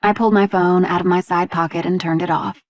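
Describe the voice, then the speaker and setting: A woman's voice: lowish voice, fairly even intonation, brisk, no room sound, studio quality. A woman narrating an audiobook, reading the dialogue with small shifts between characters. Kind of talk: scripted narration.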